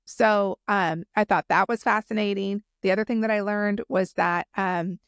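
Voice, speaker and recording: Excitable woman podcast host, dry close sound. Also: medium pitch, moderate pace, smooth, dry recording. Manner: enthusiastic, rambling with many restarts and fillers. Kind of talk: casual solo podcast talk.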